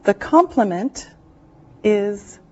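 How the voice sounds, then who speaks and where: A woman teaching an English class, speaking slowly and deliberately and drawing out words for her learners. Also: mid-range voice, big pitch swings, darkish tone. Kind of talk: slow classroom instruction. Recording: dull lo-fi classroom recording.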